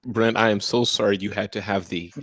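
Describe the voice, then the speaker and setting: A man's voice: lowish voice, fairly even intonation, a little fast, a bit bright, dry recording. An older man on a video call, chatting casually as a panelist and telling a wry everyday story. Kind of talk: casual chat.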